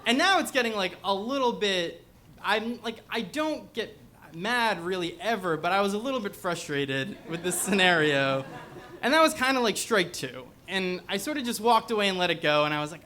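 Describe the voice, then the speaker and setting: Bright-voiced young man telling a story. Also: sits high, lively intonation, normal speed, a little hiss or hum. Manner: casual and rambling, many "like" fillers. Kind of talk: live personal storytelling. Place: bookstore event before a live audience.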